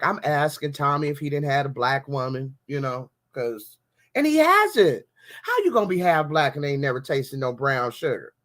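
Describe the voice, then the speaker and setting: A woman podcast host in casual chat, telling lively stories and calling her listeners y'all. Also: sits low. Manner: animated storytelling with slang, addressing listeners as y'all.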